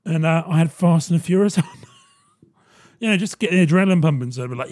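A man's voice: on the high side, expressive, fast talker, a little mellow. A man hosting his own podcast in a rambling, sardonic monologue, swearing freely. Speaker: podcast host. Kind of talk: casual solo podcast monologue.

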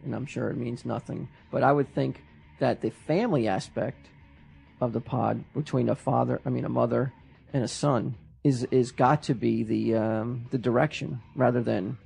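Raspy gravelly guy on a podcast, poking holes in his cohost's stories. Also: medium pitch, steady tone, normal speed, darkish tone, soft background music, rough recording. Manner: skeptical, needling questions. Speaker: podcast co-host. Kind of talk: casual chat.

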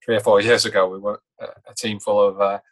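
Man, low voice, monotone, casual football talk, measured, hesitant. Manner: measured, hesitant, many fillers and restarts. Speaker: podcast co-host.

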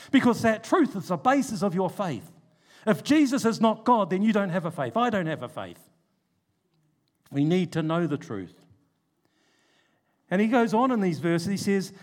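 A man preaching a sermon, stressing key words by slowing down and dropping low and quiet for asides. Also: animated.

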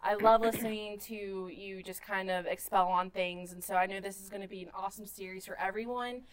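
A woman's voice: medium pitch, steady tone, a little fast, clean tone. A woman co-hosting a faith podcast, chatting in a bubbly, encouraging way and handing over to her partner. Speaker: podcast co-host. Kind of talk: casual podcast chat.

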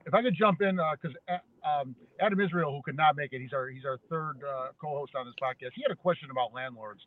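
A man's voice: on the high side, quick pace. A man co-hosting a podcast, asking a question hesitantly with many fillers. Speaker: podcast co-host. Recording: tinny phone line.

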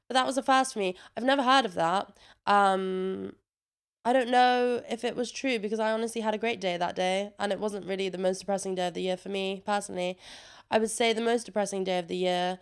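A woman's voice: mid-range voice, clean tone. A young woman, chatting in a casual vlog, swearing freely and saying "like" a lot, a little congested. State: a bit congested. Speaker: vlogger. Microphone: own microphone with a noise gate.

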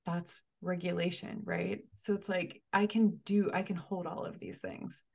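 A woman speaking as a therapist guest in a podcast interview, thoughtful and measured, often restarting her sentences. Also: fairly low pitch, flat delivery, gravelly, a little mellow.

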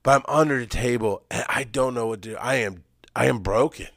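A man telling an emotional personal story, swinging from loud, urgent emphasis to hushed, halting recall. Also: mid-range voice, gravelly, no room sound, clean studio sound. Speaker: speaker sharing personal story.

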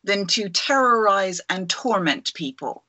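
A woman's voice: medium pitch, lively intonation, measured pace, sharp tone, dry recording. A woman co-hosting a casual podcast over a video call, rambling enthusiastically through a creature legend with many fillers. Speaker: podcast co-host. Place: at home.

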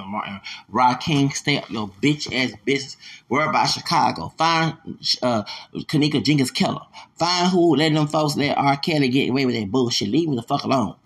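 Ranting podcast host, man, gravelly voice, bright tense tone, profane and confrontational. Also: mid-range voice, fairly quick. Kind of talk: angry ranting monologue.

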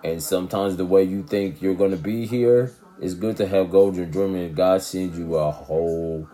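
A vlogger chats casually to the camera in a laid-back, rambling way, often checking in with viewers by asking "you know what I'm saying." His low voice has a dark tone and moves at a normal speed with few pauses.

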